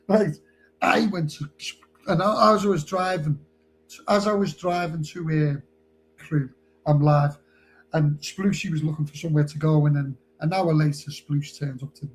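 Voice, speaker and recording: A man's voice: on the high side, fairly even intonation, measured pace, long pauses, slight background noise, poor audio. A man telling a rambling story on a live stream, chatty and laughing as he goes.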